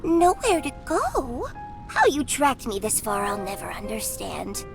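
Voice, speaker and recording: Gloating villain cat lady from a game, high voice that swoops around, music underneath. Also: huge pitch swings, a little slow, vocal fry, full character voice. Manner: sneering, theatrical gloating. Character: haughty scheming female cat villain.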